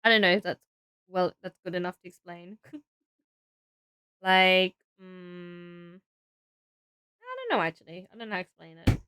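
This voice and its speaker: A woman's voice: fairly low pitch, sing-song, a little slow, pauses often, sharp tone, clear, resonant tone, no room sound. A young woman streaming, chatting casually with viewers while building, rambling and correcting herself as she goes. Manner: rambling, unsure and self-correcting. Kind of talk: casual live-stream chat.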